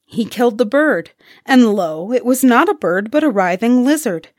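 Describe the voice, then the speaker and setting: A woman reading a fairy tale aloud in a deliberate, expressive manner. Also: medium pitch, no echo, studio quality. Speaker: storyteller. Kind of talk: storybook reading.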